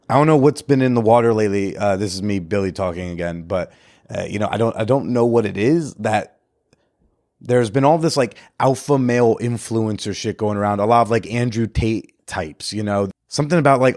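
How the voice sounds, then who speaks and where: A man's voice: lowish voice, fairly quick, a little mellow, no room sound, clean studio sound. A man hosting a podcast in a casual monologue, chatty and rambling, with jokey asides. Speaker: podcast host and comedian.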